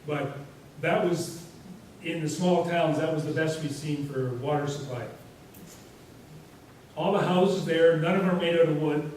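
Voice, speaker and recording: A man's voice: fairly high pitch, unhurried, a little mellow. Rambling man speaking in an echoey hall. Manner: rambling, anecdotal, frequent "you know" fillers. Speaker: guest speaker. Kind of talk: casual storytelling presentation. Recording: echoey hall from far off, faint hiss.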